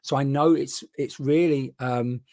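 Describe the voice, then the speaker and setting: A man working as a spiritual medium in a live online session, talking in a rambling, chatty way full of restarts, into a boom mic. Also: fairly even intonation, unhurried, a little mellow, dry recording, studio quality.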